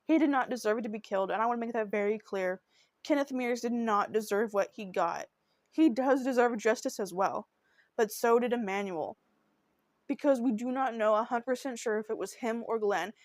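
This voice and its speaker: A woman's voice: fairly high pitch, normal speed, no echo. A woman hosting a true crime podcast, narrating a case in an earnest, emotional and heartfelt way. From Oklahoma.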